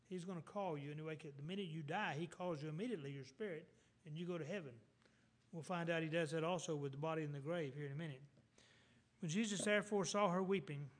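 A man preaching a sermon in a church, reading scripture and retelling it in plain, folksy talk. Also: on the high side.

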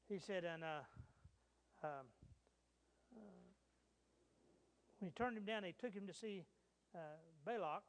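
A man's voice: high-pitched, rough recording. A man preaching a sermon, retelling a scripture story in a conversational way with frequent fillers and restarts.

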